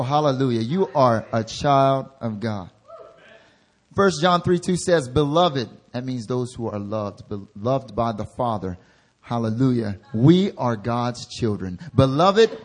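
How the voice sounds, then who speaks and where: Intern pastor preaching with loud, rising exhortation. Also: male voice. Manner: swings from soft, low asides to loud, rising exhortation. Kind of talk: sermon.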